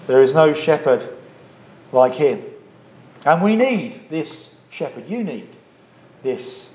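A man preaching a sermon in a measured, earnest way, pausing often with "uh" fillers. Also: medium pitch, darkish tone, reverberant, a little hiss or hum.

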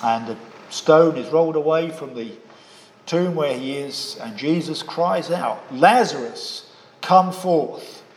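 A man preaching a sermon in a measured way, putting rhetorical questions to his listeners. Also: on the high side, slight background noise. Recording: echoey hall with long reverb.

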